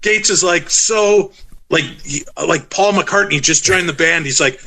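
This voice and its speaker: Animated male storyteller, middle-aged, bright and slightly high voice. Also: unhurried, slight background noise, poor audio. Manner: animated, acts out voices in his stories. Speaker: podcast guest. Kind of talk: casual storytelling.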